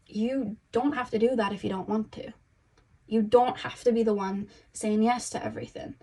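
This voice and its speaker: A woman's voice: medium pitch, darkish tone. Chatty young woman giving a tarot reading. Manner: chatty, rambling, lots of "you know" and "um". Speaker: tarot reader. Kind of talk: casual spoken tarot reading.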